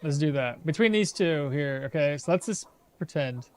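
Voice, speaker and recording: A man's voice: on the high side, expressive, normal speed, a little mellow, a little hiss or hum. Chatty man streaming a game. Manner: chatty, thinks aloud, reads chat and laughs often. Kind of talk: casual live-stream commentary.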